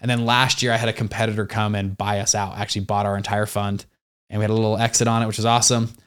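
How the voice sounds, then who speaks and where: A young adult man, an entrepreneur guest in an interview, telling stories in a slangy, animated way with many fillers. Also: on the low side, fast talker, clear, resonant tone. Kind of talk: casual interview storytelling.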